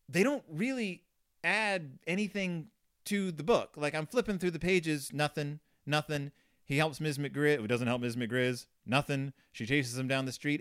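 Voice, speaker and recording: A man chatting on a podcast in a loose, joking, rambling way, peppering his talk with asides. His pitch swings widely as he goes, lively and animated. It sounds like an offhand comedic book review. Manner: rambling, jokey, full of "like" and asides, puts on silly voices for characters. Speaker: podcast host.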